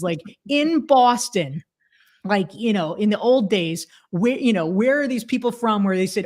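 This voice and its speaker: A woman in her forties talks through her views in a relaxed interview. Her voice sits in the middle range, and she sounds emphatic and animated, piling up fillers and restarting her sentences. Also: mid-range voice, moderate pace. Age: 40s. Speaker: podcast guest, author. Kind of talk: casual conversational interview.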